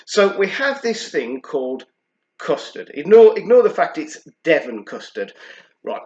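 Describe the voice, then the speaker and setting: British male reviewer, animated and chatty, expressive delivery, echoey room. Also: fairly high pitch, measured pace, highs cut off. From United Kingdom. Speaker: fragrance reviewer. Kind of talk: storytelling vlog. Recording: roomy echo.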